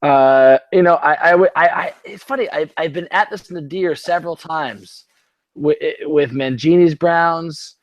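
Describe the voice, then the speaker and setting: A man co-hosts a casual sports chat while a little drunk. His voice sits somewhat high, and he rambles, swears freely and restarts his sentences over and over. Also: a little slow, highs cut off. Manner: rambling, profane, many restarts. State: tipsy from drinking. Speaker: podcast co-host.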